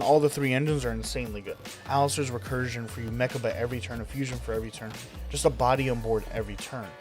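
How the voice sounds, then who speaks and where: A young man casually talking through a card game deck, enthusiastic and rambling with lots of fillers. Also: medium pitch. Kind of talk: casual deck profile commentary.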